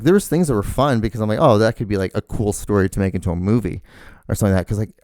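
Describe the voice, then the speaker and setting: A young man hosting his own show, telling rambling, animated stories with lots of fillers and casual swearing. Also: on the low side, no echo, clean studio sound. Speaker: podcast host. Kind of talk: casual storytelling monologue.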